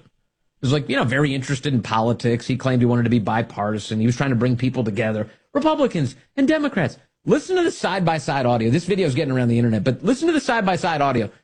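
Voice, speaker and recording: A man's voice: mid-range voice, darkish tone, slightly rough. A man hosting a talk radio show, delivering a sarcastic, mocking monologue and laughing at his own jokes.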